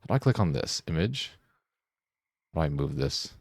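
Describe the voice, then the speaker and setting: A man streaming a game, chatting casually, joking and laughing often, and getting excited as he rambles. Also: a bass voice, moderate pace, vocal fry, breathy edge, dry recording, studio quality. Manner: gets excited and rambling when riffing. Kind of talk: casual live-stream chat while gaming.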